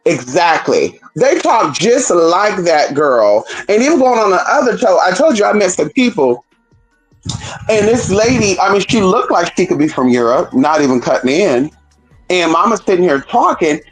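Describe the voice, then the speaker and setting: A woman's voice: lowish voice, big pitch swings, normal speed, faint music behind, low-quality recording. A woman talking to her stream in a casual, profane, rambling rant, calling her listeners "girl" and asking "hello?". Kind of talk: casual ranting monologue.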